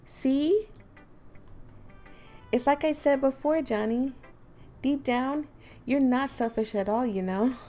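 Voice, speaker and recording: A woman voicing a bubbly, affectionate teenage schoolgirl in a game, gushing in a high, sweet, giggly sing-song. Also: takes it slowly, pauses often, warm tone, faint music behind. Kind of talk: reading game dialogue aloud.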